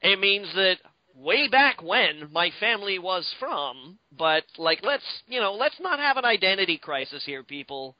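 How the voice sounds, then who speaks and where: Guy on a podcast, kinda high voice, rambles and swears, muffled dry lo-fi audio. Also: unhurried, dry recording. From Canada. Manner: rambling, profane, animated. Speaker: podcast co-host. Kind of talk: casual podcast chat. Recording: dull lo-fi, dry.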